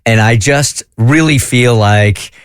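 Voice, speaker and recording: Male radio host, easygoing and reflective, medium pitch, dry close studio mic. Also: smooth, dry recording. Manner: easygoing, reflective, quick to laugh. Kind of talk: casual morning radio chat. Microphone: studio microphone.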